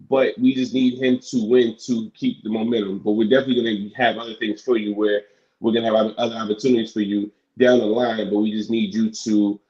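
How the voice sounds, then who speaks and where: A man playing a persuasive male wrestling executive in a role-play bit, repeating himself as he makes his pitch. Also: darkish tone, lo-fi sound, lightly acted.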